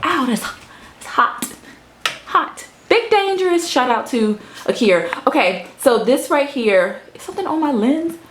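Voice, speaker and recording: A woman's voice: big pitch swings, unhurried, a little hiss or hum. A woman in her thirties giving a casual, playful tour of her home office studio, talking to the camera and sometimes to her cat. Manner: chatty, playful, breaks into high baby-talk with her cat. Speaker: vlogger.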